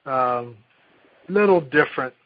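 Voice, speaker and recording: A male pastor preaching a sermon, telling a children's story in a folksy, animated way before reading scripture. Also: medium pitch, slow pace. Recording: dull lo-fi recording.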